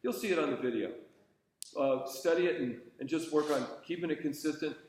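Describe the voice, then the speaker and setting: A man's voice: on the high side, a little fast, darkish tone. A man teaching conducting to a student, patient and encouraging, thinking aloud with fillers and restarts. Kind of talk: coaching a student in a class. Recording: very echoey room.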